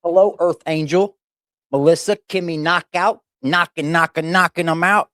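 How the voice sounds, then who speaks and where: A man's voice: a little high, steady tone, moderate pace, bright, forceful tone, no room sound, clean studio sound. A man hosting a live stream in a casual, playful way, greeting chat viewers one by one.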